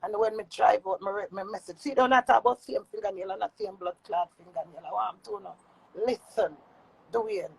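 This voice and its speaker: Fiery Jamaican woman ranting, husky. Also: medium pitch, normal speed, low-quality recording. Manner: heated, cursing, uses Jamaican patois. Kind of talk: angry rant.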